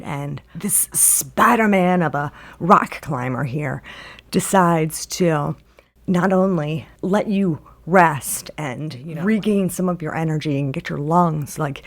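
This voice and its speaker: A woman's voice: sits low, vocal fry. A woman telling a long story in a casual, rambling way, full of filler words.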